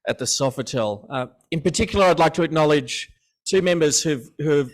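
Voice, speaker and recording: A man, the club president, chairs a meeting in a hotel function room, speaking haltingly with fillers and restarts. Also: on the high side. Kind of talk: meeting emcee.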